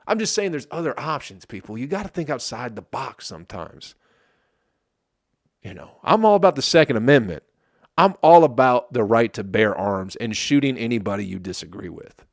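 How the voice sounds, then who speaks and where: A man from Michigan riffs through a sarcastic comedy podcast monologue, swearing freely and laughing at his own jokes. His pitch swings widely as he talks. The sound is close and dry. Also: very animated, fairly quick, vocal fry, no room sound. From Flint, Michigan.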